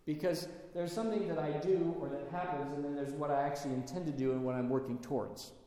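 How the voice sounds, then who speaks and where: A man's voice: on the high side, steady tone, quick pace, warm tone. Man preaching in an echoey hall. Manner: storytelling, conversational with rhetorical questions. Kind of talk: sermon.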